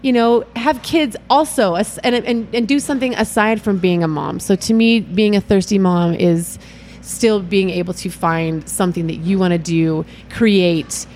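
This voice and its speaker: A woman's voice: mid-range voice, fairly even intonation, normal speed, darkish tone, a little hiss or hum. A middle-aged woman, a mother, chatting as an interview guest in a bubbly, rambling way, often laughing. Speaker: guest, event organizer and mother. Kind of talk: casual interview chat.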